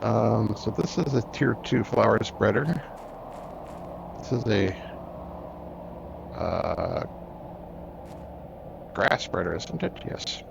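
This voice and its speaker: A man hosting a game let's-play, thinking aloud in an unhurried way as he plays. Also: lowish voice, lively intonation, vocal fry, noisy background. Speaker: gaming channel host. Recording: dull lo-fi recording, faint music.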